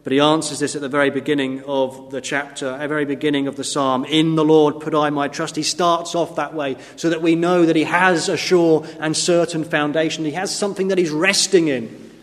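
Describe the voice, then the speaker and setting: A man delivers an earnest, emphatic sermon in a fairly high voice. He swells loud on key phrases and drops low on others, and a long church reverb trails behind every word. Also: flat delivery, a little fast. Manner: earnest, emphatic preaching with sudden rises and drops in volume. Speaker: preacher.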